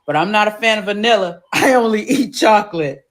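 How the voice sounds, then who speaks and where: A woman voicing Mister Jim, a polite man, in a lowered, laughing storybook voice. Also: expressive, fairly quick, lightly acted.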